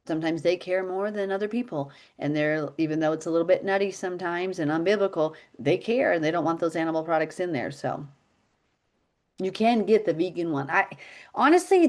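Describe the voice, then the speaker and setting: On a casual video call, a middle-aged woman with a lowish, slightly mellow voice teaches healthy habits. She's a chatty storyteller who laughs a lot.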